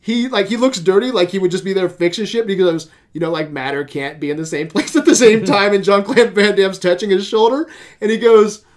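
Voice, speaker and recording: Here a podcast host with a high voice speaks a bit fast, recounting a show scene after scene in a relaxed chat. His storytelling is lively, punctuated by laughter and plenty of curse words.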